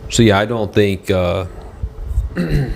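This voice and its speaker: A man chatting casually on a livestream from a motel room, rambling and halting as he reads viewer comments aloud. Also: fairly low pitch, animated, creaky, a little mellow.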